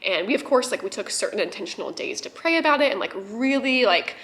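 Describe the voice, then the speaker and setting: A young woman telling a personal story to camera in an excitable, chatty vlog style, with lots of "like". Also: on the high side, fast talker. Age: young adult. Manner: chatty, excitable, heavy use of "like". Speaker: vlogger.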